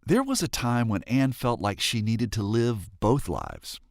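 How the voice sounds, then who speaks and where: A male reporter reading scripted radio narration into a close studio mic, measured and lively. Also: mid-range voice, vocal fry, no echo.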